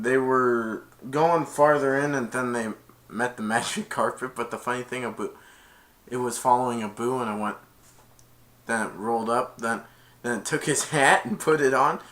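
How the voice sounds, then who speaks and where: A man retells a film's plot in a loose, rambling way, chaining events together one after another. His voice is bright and forceful, and his pitch sits in a middle range. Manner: rambling, strings events with repeated "and then". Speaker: film reviewer.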